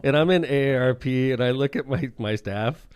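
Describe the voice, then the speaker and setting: A man's voice: medium pitch, fairly quick, clean tone. A middle-aged man and mayor hosting a podcast, chatting casually and acting out his own quotes as he tells stories. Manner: animated storyteller, acts out his own quotes. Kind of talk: casual chat.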